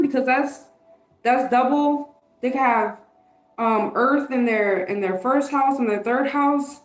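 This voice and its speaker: A woman's voice: sits high, takes it slowly, reverberant, rough recording. A woman giving a casual tarot card reading, chatty and candid, swearing and laughing often. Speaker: tarot reader.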